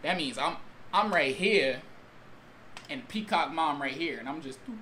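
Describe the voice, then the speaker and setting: A man telling a story-time tale in a vlog, excitable and slangy, with exaggerated storytelling and sudden outbursts. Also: fairly high pitch, normal speed, slight background noise. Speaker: YouTube storyteller.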